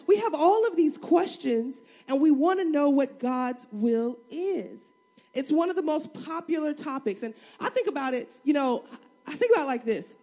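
Woman pastor, high voice, animated and funny sermon delivery, talks straight to the pews. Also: normal speed. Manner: animated, humorous, acts out prayers and everyday scenes; conversational, addresses the congregation directly.

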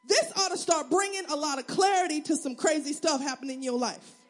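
A woman pastor preaching a sermon, acting out voices in her stories and building to shouts. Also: sits high, fairly quick.

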